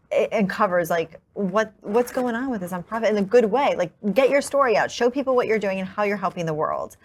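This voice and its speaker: A woman hosting a podcast, chatting in an upbeat, rambling way with fillers. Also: mid-range voice. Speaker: podcast host. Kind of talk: casual podcast chat.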